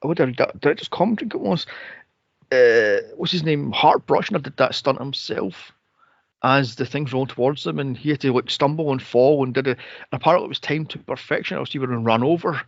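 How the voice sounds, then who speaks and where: A man's voice: medium pitch, brisk, vocal fry, dry recording. A man co-hosting a podcast, recapping a film in exasperated casual chat with frequent swearing and laughter. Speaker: podcast co-host. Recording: dull lo-fi podcast mic.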